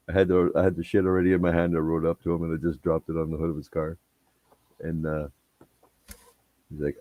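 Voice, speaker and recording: A man's voice: low voice, level tone, fairly quick, long pauses, no echo, muffled recording. A man telling rambling, profane anecdotes in casual chat. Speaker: storyteller.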